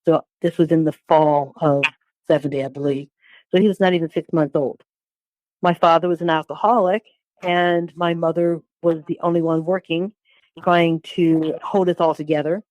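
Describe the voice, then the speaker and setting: A woman in her sixties giving a personal testimony as an interview guest, halting, with repeated words and restarts. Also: deep voice, fairly even intonation, a little mellow, no room sound. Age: 60s.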